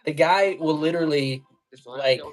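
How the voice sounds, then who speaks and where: A man's voice: a little high, normal speed. A man chatting casually on a livestream while tying flies, rambling with slang and fillers. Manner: rambling storyteller, laughs while telling stories; loose slangy speech with many fillers. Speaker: fly and jig tier on a livestream.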